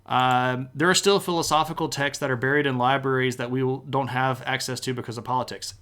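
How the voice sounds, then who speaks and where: A man's voice: mid-range voice, steady tone, fairly quick, a bit bright. A man streaming a live history lecture, talking in a casual, enthusiastic way with plenty of slang.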